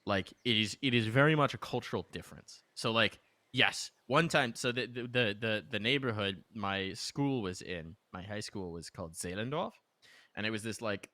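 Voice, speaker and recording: A man casting an esports match with a bright, forceful voice that sits a little low. He calls the action fast and energetic, leaping into sharp high shouts on big plays. Between rounds he slips into loose, rambling chat. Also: dry recording. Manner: energetic, jumps to high exclamations. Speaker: esports caster. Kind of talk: excited play-by-play commentary.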